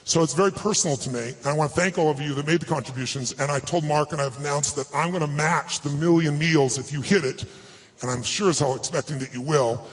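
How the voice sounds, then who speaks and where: A man's voice: a little high, fast. A man giving a live motivational talk to an audience, telling a personal story in an emphatic, earnest way. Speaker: motivational speaker.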